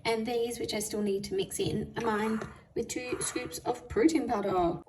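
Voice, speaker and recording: A woman's voice: on the high side, fairly even intonation, moderate pace, a crowd in the background. Chatty Australian woman vlogging at home. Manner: chatty, candid, breezy. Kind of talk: casual vlog chat.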